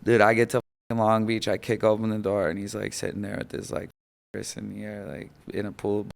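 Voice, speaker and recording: A man guest on a podcast, telling an emotional personal story in an animated way, full of fillers, acting out quoted voices. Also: fairly low pitch, fairly quick, vocal fry.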